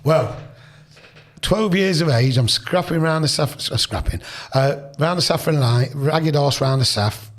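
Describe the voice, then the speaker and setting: A man in his sixties from Leicester, England, speaks with a Leicester accent in a voice on the high side and a little slow. He's a podcast guest in casual chat, telling rambling anecdotes full of restarts and quoted dialogue.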